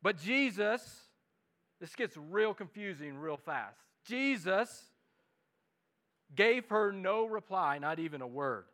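A man with a Midwestern American accent preaching an earnest sermon at a church service, repeating words and rising to loud pleas. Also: sits high, animated, takes it slowly. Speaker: pastor.

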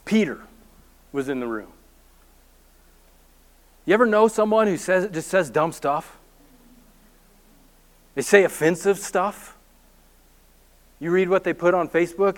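Brief: male pastor, higher-pitched voice, lively storytelling sermon with self-deprecating humor. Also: a little slow, long pauses.

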